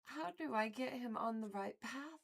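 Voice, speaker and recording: A woman's voice: fairly high pitch, normal speed, creaky. A woman livestreamer chatting casually with viewers in a playful, rambling way and giggling often.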